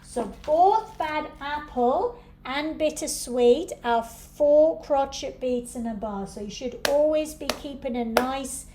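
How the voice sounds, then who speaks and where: Patient female piano teacher, unhurried delivery, light room noise behind. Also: sits high, dark tone. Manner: patient, step-by-step explaining. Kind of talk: home practice instructions.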